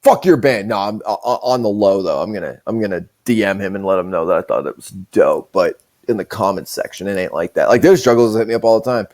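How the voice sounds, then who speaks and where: A man's voice: lowish voice, fast, darkish tone. A man hosting a podcast, telling stories in a casual, profane, rambling way. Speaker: show host.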